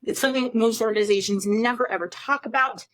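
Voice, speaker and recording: Emphatic teacherly woman, fairly high voice. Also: fast, a bit bright, no echo. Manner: emphatic, teacherly, asks rhetorical questions. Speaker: podcast co-host. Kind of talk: explanatory podcast talk.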